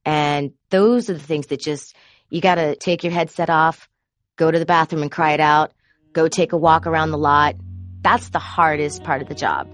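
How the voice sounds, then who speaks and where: A woman who produces court shows tells candid, confessional stories about her job and grows animated when she quotes herself. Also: sits low, normal speed, no room sound, faint music behind. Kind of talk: personal storytelling.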